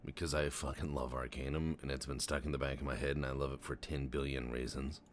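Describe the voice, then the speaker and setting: A man with a low, deep voice talks loosely over his own gameplay and spins absurd stories with a straight face. He stammers, restarts and swears freely as he rambles, and a faint hiss sits under his voice. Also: flat delivery, fast. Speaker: Let's Play commentator. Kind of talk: casual game commentary with rambling tall tales.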